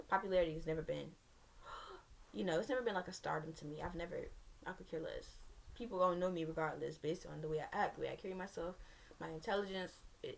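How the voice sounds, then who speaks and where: A woman's voice: on the low side, vocal fry. A young woman telling a personal story to her viewers in a candid, rambling way, with sassy asides. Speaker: vlogger.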